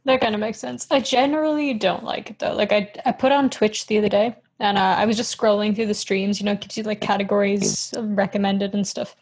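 A woman's voice: mid-range voice, fairly even intonation, brisk, few pauses, a little mellow, husky. A woman co-hosting a podcast in a casual chat, giggly and rambling, often poking fun at herself. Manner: giggly, rambling, self-mocking. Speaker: podcast co-host.

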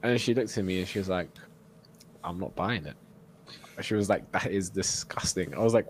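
A man's voice: low voice, a little fast, a little hiss or hum. A young man, telling a story in casual chat as a podcast co-host, acting out what people said and laughing often. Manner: animated storyteller, acts out quotes, laughs often.

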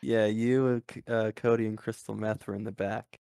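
A laid-back young man speaks in a gravelly, fry-heavy voice, blunt and casual as he chats with friends. The sound is close and dry. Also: on the low side, little pitch movement, normal speed, mellow, no room sound. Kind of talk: casual chat.

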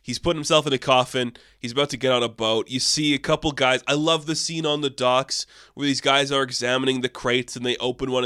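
Excitable young man reviewing a film. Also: medium pitch, clean tone, no room sound, clean studio sound. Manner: animated, swearing, quotes people in acted asides. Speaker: film reviewer on his channel. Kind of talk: casual film review monologue.

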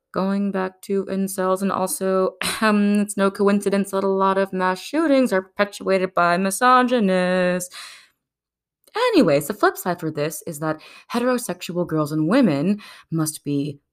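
A young adult woman giving casual video commentary, sarcastic and animated, slipping into mocking voices. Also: fairly low pitch. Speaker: video essayist.

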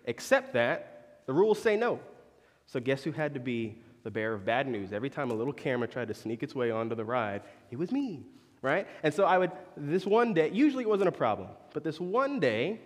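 A man's voice: mid-range voice, very animated, fairly quick, long reverb tail. A young man preaching a sermon as a conversational story, with joking asides to the congregation.

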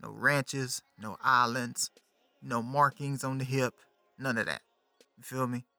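A man's voice: medium pitch, unhurried, creaky, dry recording. A man in his thirties, a podcast host, talking about a movie in a casual, slangy way, often turning to the listener. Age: 30s. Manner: animated, slangy, talks to the listener. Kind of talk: casual movie review chat.

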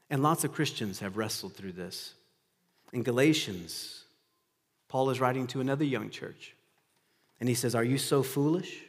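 Male pastor, mid-pitched voice, earnest sermon delivery that rises loud and drops hushed, reverberant church hall. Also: breathy edge. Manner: earnest preaching, swings from loud emphasis to hushed intensity. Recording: long reverb of a large hall.

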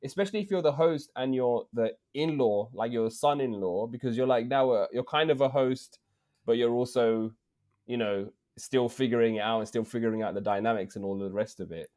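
With a medium-pitched voice and a slightly fast delivery, a man in his thirties co-hosts a podcast and recounts a story. His English accent comes through in slangy, animated chat that keeps returning to "bruv."

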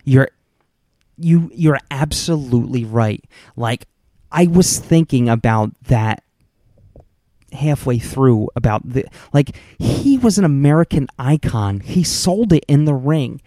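A man's voice: mid-range voice, lively intonation, mellow, no echo, clean studio sound. A man co-hosting a casual movie review podcast, rambling and restarting his sentences. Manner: rambling, halting, many restarts.

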